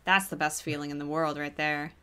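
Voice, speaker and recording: Woman co-host on a game stream: bright, lowish, bursts into loud laughs. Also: steady tone, a little fast, smooth. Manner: giggly, yelps and laughs loudly when she fails. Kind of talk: casual chat while playing a game.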